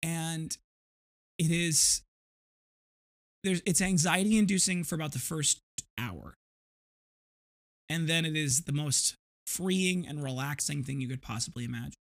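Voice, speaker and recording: A man's voice: a little high, measured pace, long pauses, a bit bright. A man in his thirties hosting a podcast, telling a rambling, vivid story with frequent restarts. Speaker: podcast host. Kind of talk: casual storytelling monologue.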